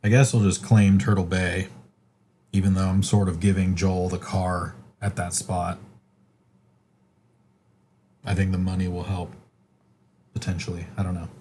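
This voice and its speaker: A man with a lowish, mellow voice thinks out loud about his next board game move, hedging and filling pauses as he works it out. Faint room noise hangs underneath. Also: little pitch movement. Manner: thinks aloud with hedges and fillers. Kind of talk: casual tabletop game play.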